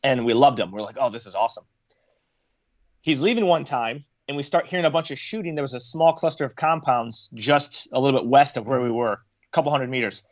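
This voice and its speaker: A man's voice: medium pitch, a little fast, dry recording. A man, a former Marine, telling war stories casually on a podcast, acting out quotes in raised voices. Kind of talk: casual storytelling.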